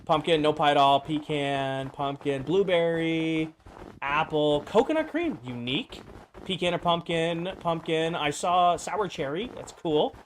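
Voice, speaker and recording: A man's voice: on the high side, lively intonation, unhurried, slight background noise. A man streaming a game, chatting casually, reading out and reacting to viewers' answers with playful opinions. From United States. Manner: reads viewer replies aloud, playful and opinionated. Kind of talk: casual livestream chat over gameplay.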